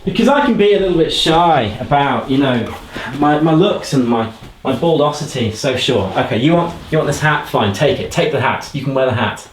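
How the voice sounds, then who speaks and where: A man gives playful hypnotic suggestions at a mid pitch, slowing into commanding countdowns. His voice carries a roomy echo. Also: lively intonation, slight background noise.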